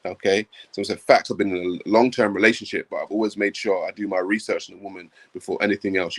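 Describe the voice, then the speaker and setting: A man's voice: on the low side, brisk. A man hosting a livestream, talking emphatically, repeating his points and calling viewers bro. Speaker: livestream host. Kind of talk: livestream commentary.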